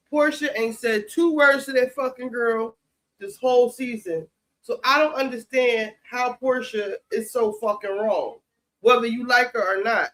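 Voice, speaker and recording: A man's voice: very high-pitched, fairly bright tone. A man giving sassy, profane, heated commentary on a reality show while cooking in his home kitchen. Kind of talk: casual commentary chat.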